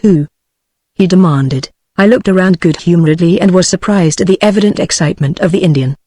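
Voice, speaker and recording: A text-to-speech woman's voice with a British English accent, reading a novel aloud in an even, steady way. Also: fairly low pitch, fast talker. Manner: even, steady synthetic reading with no change between characters. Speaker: narrator. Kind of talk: text-to-speech audiobook narration.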